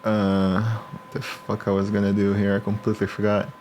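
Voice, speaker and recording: A man's voice: lowish voice, completely flat delivery, normal speed, a little mellow, slight background noise. A man running a tabletop game as game master, who swears freely, teases his players and laughs often.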